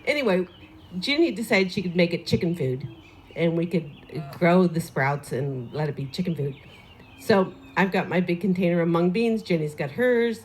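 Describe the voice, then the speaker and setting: A woman's voice: lowish voice, lively intonation, normal speed, a little hiss or hum. A woman telling a neighbor's story at a memorial gathering, chatty, with fillers and laughing asides, into a microphone. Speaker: neighbor giving a eulogy.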